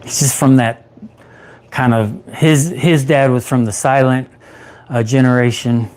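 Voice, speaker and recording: On a livestream, a peer support specialist in his thirties tells his own recovery story animatedly, acting out the things he said back then. His voice is medium-pitched and unhurried.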